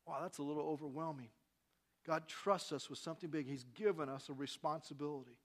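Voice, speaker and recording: A man preaching a sermon to a congregation in a church hall, reading scripture with dramatic loud peaks and asking the room questions. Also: a little high, fairly even intonation, brisk. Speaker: pastor.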